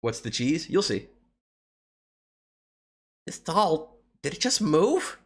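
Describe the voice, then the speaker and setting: With faint game music behind him, a man plays and streams a video game, talking slowly in a voice on the high side with big pitch swings. His gameplay chatter is relaxed and animated.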